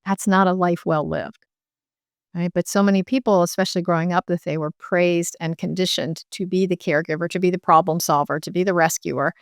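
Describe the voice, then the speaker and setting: Middle-aged woman explaining with a smooth voice. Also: fairly low pitch, steady tone, fairly quick, no echo, clean studio sound. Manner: explanatory, many fillers and restarts. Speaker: medical intuitive and author. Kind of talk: interview guest.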